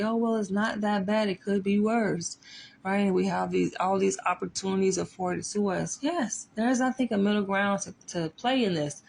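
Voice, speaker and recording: A woman's voice: mid-range voice, gravelly, darkish tone, a little hiss or hum. A woman psychologist talking casually and emphatically, often tossing in rhetorical asides. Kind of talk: casual commentary.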